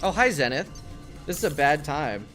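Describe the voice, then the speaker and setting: A male streamer in a live gaming session who rants at his chat, swearing freely and sounding exasperated. His pitch jumps around a lot, and faint game music plays under his voice. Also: sing-song, normal speed. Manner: profane, ranting, exasperated at chat.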